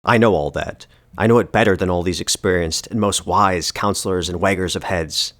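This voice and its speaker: Man, very low voice, dry close sound, dramatic audiobook narration, measured and ironic. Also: a bit bright, no echo. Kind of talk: dramatic first-person audiobook reading.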